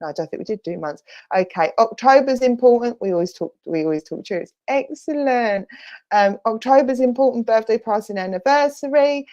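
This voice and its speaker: A woman's voice: a little high, expressive, a little fast, a little mellow, dull audio. A woman, a spiritualist medium, giving a chatty, reassuring clairvoyant reading at an online church service, relaying messages and calling the listener "my lovely". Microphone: online church service stream.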